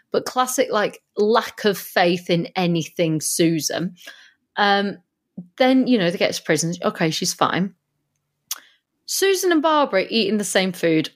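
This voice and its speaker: A woman co-hosts a casual podcast chat, laughing often and breaking into funny character voices. Her pitch swings widely, up and down, as she tells the story. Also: lively intonation, unhurried. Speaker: podcast co-host.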